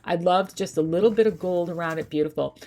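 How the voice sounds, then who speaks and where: A woman's voice: on the low side, quick pace, dark tone. A woman chatting casually and eagerly in a thrift shopping vlog, thinking aloud about her finds. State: out of breath while loading the car. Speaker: thrift vlogger. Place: indoors at home on a couch.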